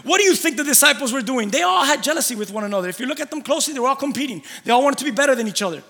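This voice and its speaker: A man preaching a sermon in a church, telling stories with animated energy, often restarting phrases and dropping to a quiet, low voice. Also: very fast, long reverb tail.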